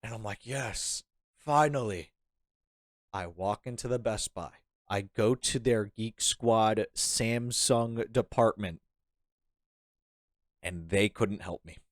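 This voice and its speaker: A man's voice: on the low side, slow pace, no echo, clean studio sound. A young man telling a rambling story in a casual chat, laughing often and acting out what people said. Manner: animated, rambling, laughing, acts out quoted lines. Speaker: podcast guest.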